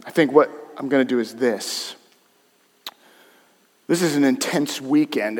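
A man preaching a sermon as pastor, direct and conversational with his congregation, swinging between hushed and loud emphasis. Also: medium pitch, long reverb tail. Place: church sanctuary.

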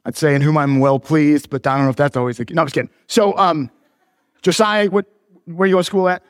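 A man's voice: on the high side, fairly even intonation, fast, dry recording, clean studio sound, big-room sound. A pastor in his forties, preaching a sermon in a church, mixing joking teases with earnest preaching. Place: church sanctuary.

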